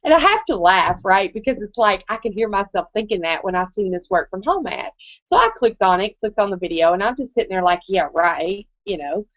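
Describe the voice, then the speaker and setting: A woman's voice: medium pitch, big pitch swings, a little fast, no room sound. A woman in her thirties giving a live presentation, telling her story in a chatty way and often checking in with the audience. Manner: conversational, keeps checking in with the audience. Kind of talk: live motivational testimony. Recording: dull, muffled, dry recording.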